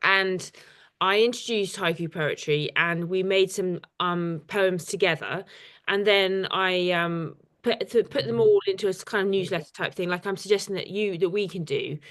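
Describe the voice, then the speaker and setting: A woman artist leads an informal poetry workshop over a video call, chatty and hesitant with lots of ums. Her voice is fairly low and a bit bright, at a moderate pace.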